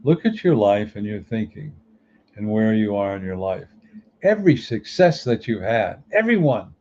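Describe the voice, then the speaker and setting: A man speaks as a spiritual teacher in a relaxed, conversational motivational talk, throwing out rhetorical questions to his listeners. His voice sits fairly low with a dark, mellow tone. The recording is muffled and lo-fi, with faint noise behind him. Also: normal speed.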